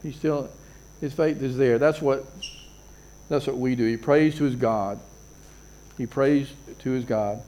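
A man's voice: mid-range voice, steady tone, a little slow, pauses often, warm tone, a little hiss or hum. A man preaching a sermon as a pastor, earnest, repeating phrases and building emphasis.

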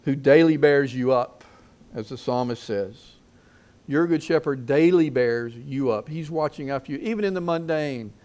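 Middle-aged guy preaching, mid-pitched, keeps asking the crowd "what?", gets loud then drops soft. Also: normal speed. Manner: preaching with call-and-response questions; lively swings in loudness for emphasis. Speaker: pastor. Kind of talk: sermon.

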